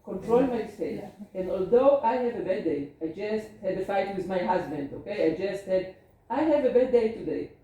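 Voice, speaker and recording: A woman doctor lectures caregivers in careful English, building her points with little spoken examples. Her voice is mellow and sits far from the mic in a strongly echoing room, with faint noise behind. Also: mid-range voice, lively intonation, moderate pace, few pauses. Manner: earnest, explains with spoken examples, non-native grammar. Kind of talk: seminar lecture. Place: seminar room. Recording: distant voice in an echoey room.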